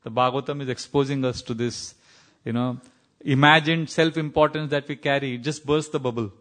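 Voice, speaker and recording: A man's voice: medium pitch, steady tone, brisk, fairly bright tone. A man from India with an Indian accent, teaching a scripture class, telling stories, quoting Sanskrit verses and laughing at times. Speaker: spiritual teacher.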